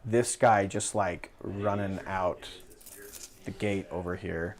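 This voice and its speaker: A man playing a tabletop game and thinking aloud about his moves, pausing often and filling gaps with ums. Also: low-pitched, fairly even intonation. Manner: musing, hesitant, many pauses and ums. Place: house with players gathered around a game table.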